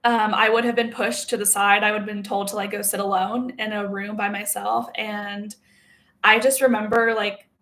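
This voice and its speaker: A woman who makes spiritual self-help content delivers an emotional personal monologue that's heavily profane, blunt and emphatic. Her mid-range voice is level and a bit bright at normal speed, and she talks in loose run-on sentences full of "like" and "okay?".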